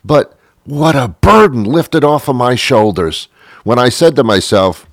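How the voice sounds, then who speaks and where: A middle-aged show host delivers a wry, rambling comic monologue sprinkled with mock-biblical asides. His medium-pitched voice is expressive and measured, recorded dry with clean studio sound.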